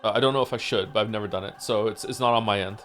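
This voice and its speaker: A man's voice: fairly low pitch, steady tone, racing, a bit bright, faint music behind. A man streaming from home, chatting casually with his viewers, rambling with many fillers and restarts. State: losing his voice. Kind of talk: casual chat with chat.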